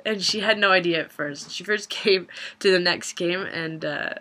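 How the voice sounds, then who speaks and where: A woman's voice: on the low side, normal speed, sharp tone, slight background noise. A young woman vlogging a funny personal story in a casual, chatty way, swearing and laughing as she goes.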